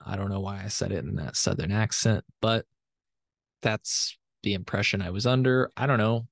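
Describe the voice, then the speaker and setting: A male podcast host with a fairly low voice talks through his thoughts, circling back and correcting himself often. The sound is dry and close, with no room around it. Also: normal speed, gravelly, no echo. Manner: rambling, self-correcting, hedging. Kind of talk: conversational interview and recorded aside.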